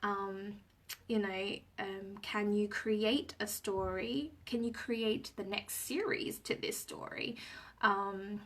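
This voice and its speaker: A woman's voice: medium pitch, steady tone, slow, fairly bright tone, distant mic. A woman teacher explaining reading questions to parents in a casual live stream, with many ums and restarts. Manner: rambling, frequent ums and restarts.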